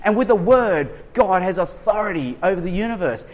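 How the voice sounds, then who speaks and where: High-voiced Australian preacher, animated. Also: male voice, fairly quick. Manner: animated, humorous storytelling. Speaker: pastor. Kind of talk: sermon.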